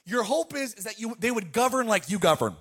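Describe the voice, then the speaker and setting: A middle-aged man preaching a sermon as pastor, telling lively family stories and calling on the congregation to respond. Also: high voice, a little fast, husky. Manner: animated storytelling, calls to the congregation.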